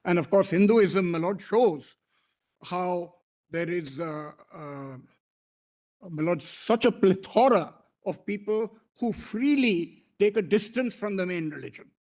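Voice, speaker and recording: A man's voice: high voice, slow, a little mellow. A man with an Indian English accent arguing formally before a court bench, deferential and emphatic, addressing the judges as "my lord" and often restarting his phrases.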